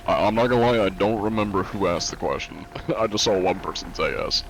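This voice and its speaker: A man with a fairly low voice chats casually through a live game stream. He reads viewer messages aloud and answers them at an easy pace, leaning on plenty of "uh" fillers. A faint hiss sits under the recording. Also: a little fast. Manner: laid-back, reads chat aloud and answers it; frequent "uh" fillers.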